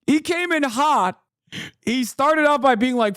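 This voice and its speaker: A man in his thirties reacts live on stream, cursing and disbelieving as he rants. His voice sits fairly high for a man. The sound is dry and close, with no room around it. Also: lively intonation, a little slow, a bit bright, no room sound. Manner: profane, incredulous, ranting. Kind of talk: live-stream political commentary.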